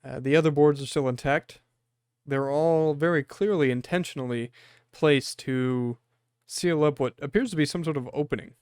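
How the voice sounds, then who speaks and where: Smooth-voiced man narrating as game master. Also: on the high side, darkish tone, dry recording, clean studio sound. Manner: descriptive, unhurried, with frequent fillers. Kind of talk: narrating a tabletop horror game.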